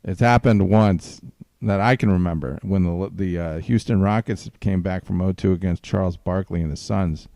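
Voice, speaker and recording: A man hosts a casual sports podcast, rambling along in loose, musing talk. His voice is low and gravelly with a dark, mellow tone. The sound is dry and close, with no room in it. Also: moderate pace, dry recording. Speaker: podcast host.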